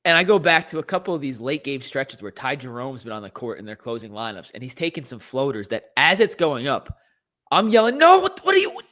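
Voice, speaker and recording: A man's voice: medium pitch, expressive, brisk, few pauses, sharp tone. A man hosting a sports talk show, talking animatedly and rattling off statistics.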